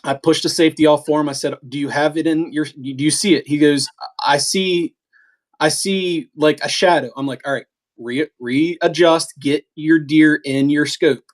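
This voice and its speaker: A middle-aged man tells a story in a casual, animated way, and his voice sits a bit high for a man. He often stumbles, restarts his sentences and acts out the quoted talk. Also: moderate pace. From eastern United States. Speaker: podcast co-host telling a hunting story.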